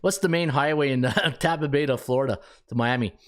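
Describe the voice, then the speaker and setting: A man's voice: mid-range voice, fairly quick. A man with a Canadian accent hosting a sports betting podcast, chatting casually, thinking aloud and joking with himself as he works through the numbers.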